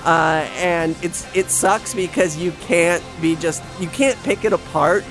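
A man's voice: fairly high pitch, a little slow, over music. A man casually reviewing a movie, rambling with many fillers and restarts, wryly griping. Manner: wry, playfully griping. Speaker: film reviewer.

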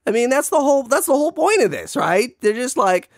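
A man's voice: very high voice, sing-song, a little fast, no echo, studio quality. A man casually reviewing a movie, rambling with many fillers and restarts, wryly griping. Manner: wry, playfully griping. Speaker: film reviewer.

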